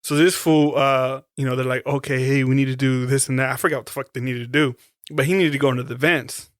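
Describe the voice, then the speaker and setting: A man's voice: medium pitch, steady tone, fast, dry recording, clean studio sound. A man co-hosting a podcast, retelling a horror movie scene in a laid-back, profane way. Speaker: podcast co-host. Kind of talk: casual movie chat.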